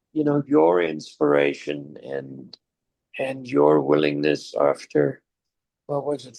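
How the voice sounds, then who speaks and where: Gravelly older man telling a story. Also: mid-range voice, darkish tone. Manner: reflective, chokes up and laughs through tears. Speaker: father sharing life lessons. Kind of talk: emotional storytelling to his son.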